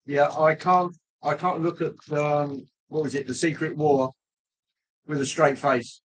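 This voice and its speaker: A man chats casually on a livestream in a fairly high voice. He rambles and jokes, pausing often with ums as he talks to viewers. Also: fairly even intonation, rough recording. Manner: rambling, jokey, pauses with ums. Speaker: livestream host.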